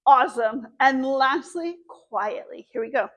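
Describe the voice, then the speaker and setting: A young woman librarian with a high, bright voice runs a children's story time. She talks slowly and clearly in an animated sing-song, drawing out words so small kids can follow along. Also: very noisy.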